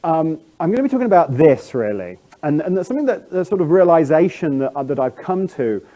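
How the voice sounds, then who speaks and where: A man's voice: on the high side, sing-song, brisk, dark tone. A middle-aged man with a standard British English accent giving a chatty, self-deprecating conference talk, full of fillers and restarts. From England. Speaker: conference speaker.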